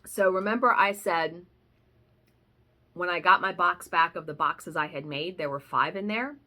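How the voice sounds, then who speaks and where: A woman's voice: on the low side, normal speed, bright, forceful tone. A woman vlogger telling a story in a casual, chatty way, swearing now and then. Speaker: cross-stitch vlogger.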